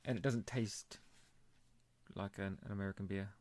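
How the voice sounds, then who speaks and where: A man co-hosting a beer podcast in casual chat, chatty and quick to laugh. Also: lowish voice, fairly even intonation, a little mellow. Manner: chatty, laughs often, puts on joke accents. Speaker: podcast co-host.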